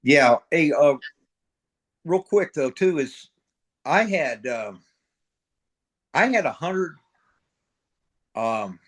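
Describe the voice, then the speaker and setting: A middle-aged man from middle America, a retired Marine sergeant major, tells his stories bluntly and with plenty of swearing. His voice sits a little high, and he acts out every exchange. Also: lively intonation, very slow, long pauses. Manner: blunt, profane, acts out quoted dialogue. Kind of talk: casual storytelling interview.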